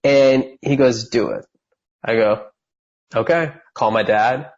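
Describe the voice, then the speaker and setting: A man's voice: medium pitch, slow pace, highs cut off. A man in his thirties from California, a podcast guest telling his story with lots of energy and acting out the voices of the people in it. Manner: animated storyteller who acts out quoted voices.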